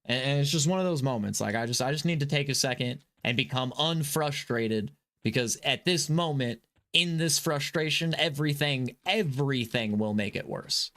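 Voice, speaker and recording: A man streams his gameplay in a loose, rambling way, tripping over his words and starting sentences again. He sounds frustrated and agitated, swearing under his breath between apologies. His pitch sits in an ordinary middle range. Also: moderate pace, few pauses, bright, forceful tone. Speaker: gaming streamer. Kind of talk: casual live gameplay commentary.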